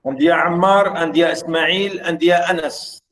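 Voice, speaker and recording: A man teaching a literature class over a video call, talking haltingly with many fillers and restarts and reading poetry slowly and fondly. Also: fairly high pitch, steady tone, fairly bright tone, rough recording. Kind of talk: online lecture.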